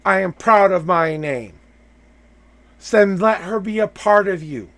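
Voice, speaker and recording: A man's voice: high-pitched, measured pace, fairly bright tone. A man hosting a live tarot reading, coaching the person he reads for with emphatic, repeated affirmations.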